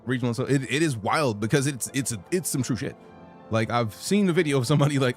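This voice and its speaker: A man's voice: medium pitch, animated, very fast, faint music behind. A man from Chicago streaming a space game, chatting casually and rambling with jokes and profanity. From Chicago, United States. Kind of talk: casual gaming livestream chat.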